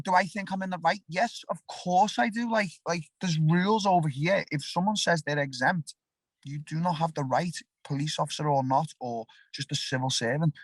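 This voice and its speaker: A man's voice: a little high, no echo. A young man with a Liverpool accent, a fighter talking bluntly and animatedly in an interview, often restarting his sentences. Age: young adult. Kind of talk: casual interview talk.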